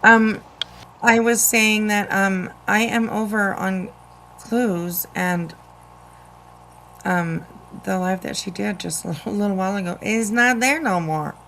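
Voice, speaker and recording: A woman's voice: mid-range voice, fairly even intonation, unhurried, a bit bright, slight background noise, poor audio. A woman hosting a casual live stream of drama commentary, rambling with many fillers.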